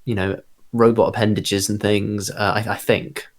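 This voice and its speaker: A man's voice: on the low side, flat delivery, moderate pace, background noise. A man hosting a casual group chat, talking in a thoughtful way with lots of fillers and hedges. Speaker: podcast host.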